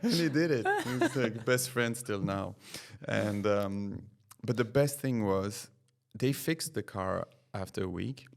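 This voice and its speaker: Deep gravelly middle-aged man, hesitant. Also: expressive, slow. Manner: hesitant, many fillers, laughs through anecdotes. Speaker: racing driver guest. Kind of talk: casual podcast chat.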